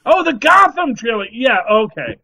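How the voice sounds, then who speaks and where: A middle-aged man co-hosting a podcast, talking in a rambling, animated casual chat full of restarts. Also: very high voice, moderate pace, creaky, low-quality recording. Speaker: podcast co-host.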